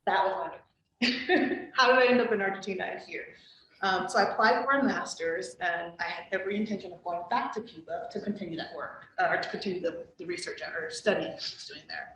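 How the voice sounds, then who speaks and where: A woman's voice: lowish voice, fairly quick, fairly bright tone. A woman academic guest speaker telling stories in a chatty way, with frequent ums and likes, and laughing easily. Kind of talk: conversational storytelling. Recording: roomy, distant mic with faint noise.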